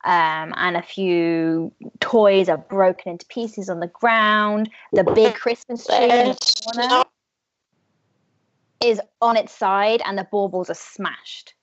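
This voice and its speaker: A woman's voice: mid-range voice, takes it slowly, muffled recording. A woman narrating as game master, with casual, filler-heavy storytelling.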